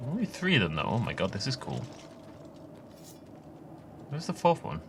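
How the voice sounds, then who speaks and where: A man talking through a video game session in a loose, rambling way. His pitch jumps around a lot and his tone is bright, and he laughs often between remarks. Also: huge pitch swings, moderate pace, gravelly, pauses often, a little hiss or hum. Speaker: let's play host. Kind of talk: casual gameplay commentary.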